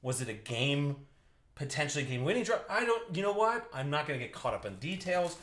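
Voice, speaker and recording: A man's voice: on the high side, very animated, a little fast, a bit bright, slight background noise. Young guy doing a live card break stream, joking with chat, bouncy voice, echoey room. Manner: joking, riffing with viewers by name.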